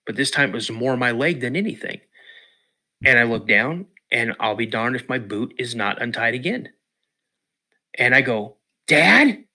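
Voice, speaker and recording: A middle-aged man appearing as a podcast guest tells a story casually and animatedly, often repeating words and restarting sentences. His voice is mid-range at a moderate pace.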